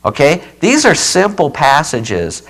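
A man delivering a Bible teaching sermon in a fairly high voice. He drives each point home with emphatic repetition and keeps checking in with his listeners. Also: huge pitch swings, slow, poor audio. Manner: emphatic, repeats key phrases, checks in with okay; says he keeps yelling. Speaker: preacher.

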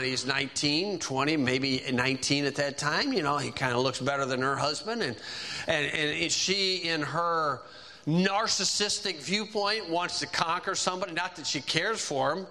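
A man preaching in a conversational, animated way, retelling a story and acting out its characters. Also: a little high. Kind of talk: sermon storytelling.

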